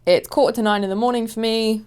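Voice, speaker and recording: A woman's voice: a little high, steady tone, fast talker, darkish tone, clear, resonant tone. A woman hosting a casual reaction video, chatty, giggly and self-deprecating.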